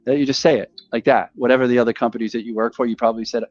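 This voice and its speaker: A man's voice: medium pitch, very fast, dry recording. Guy on a podcast going on about cold calls, acting out the phone chats, kinda dull lo-fi sound. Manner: animated, rambling, acts out phone calls. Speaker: podcast host. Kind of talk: casual conversation about sales calls.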